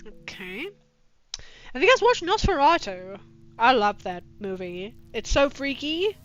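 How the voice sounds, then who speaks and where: Profane, sarcastic high-voiced woman streamer. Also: unhurried. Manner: sarcastic, profane, deadpan asides. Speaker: streamer reading fanfiction. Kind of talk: comic dramatic reading with commentary. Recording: dull lo-fi with music behind.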